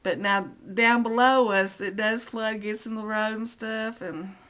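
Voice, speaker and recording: A woman in middle age, her voice sitting a little high. She talks straight to her vlog audience in a loose, rambling rant. She sounds exasperated and circles back to repeat her points. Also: steady tone, a little slow, fairly bright tone. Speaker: vlogger. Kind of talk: casual rant to camera.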